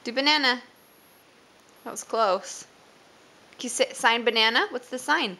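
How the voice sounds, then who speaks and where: A woman's voice: on the high side, bright, forceful tone. A woman at home patiently asking her toddler for animal sounds and signs, praising each try and laughing often. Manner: slow, encouraging, praising with frequent laughs. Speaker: parent.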